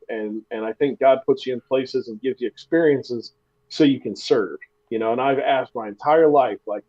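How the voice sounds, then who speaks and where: A man in the middle of a relaxed podcast chat, spinning a story with self-deprecating humor and stumbling over his restarts. His voice sits at an ordinary pitch. The recording sounds a little dull and lo-fi. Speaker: podcast co-host. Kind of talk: casual chat.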